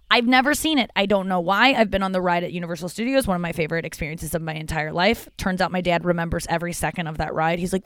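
A woman's voice: lowish voice, fast, clear, resonant tone, no room sound. A young adult woman hosting a podcast, talking in a candid, rambling, crude comedic monologue. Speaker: podcast host.

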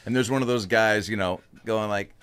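A man's voice: lowish voice, fairly quick, a bit bright, clean tone. A man in a casual chat, talking loosely with lots of fillers and restarts. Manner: loose, rambling, full of fillers.

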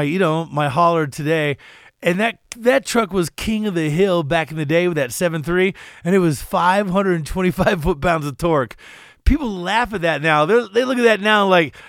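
A middle-aged man co-hosting a casual car podcast, talking in an energetic, folksy way with lots of "man" and "you know". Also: on the high side, clear, resonant tone, no echo, clean studio sound. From Colorado. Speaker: podcast co-host.

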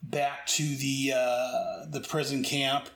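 A man chats through a comic book review in a loose, rambling way, often restarting his sentences. His voice sits at an ordinary middle pitch. The room adds a noticeable echo. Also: little pitch movement, slow, creaky, fairly bright tone. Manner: rambling, with many restarts and asides. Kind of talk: casual commentary. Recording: echoey room.

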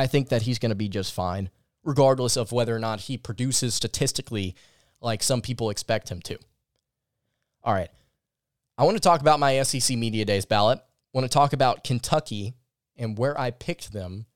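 A man's voice: mid-range voice, clear, resonant tone, no echo, clean studio sound. Chatty man hosting a sports podcast. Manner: chatty, opinionated and self-deprecating. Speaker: podcast host. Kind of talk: casual sports podcast talk.

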